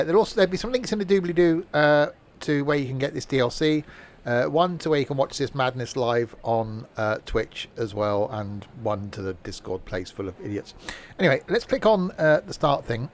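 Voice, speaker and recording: A man's voice: mid-range voice, moderate pace, slight background noise. A man streaming a train simulator, talking in casual, rambling commentary full of fillers and self-mocking asides, from a home setup.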